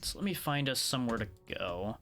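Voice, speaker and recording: A man's voice: mid-range voice, sing-song, brisk, bright, forceful tone, faint music behind. Sleepy, laid-back male game streamer. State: tired, yawning. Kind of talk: casual gameplay commentary.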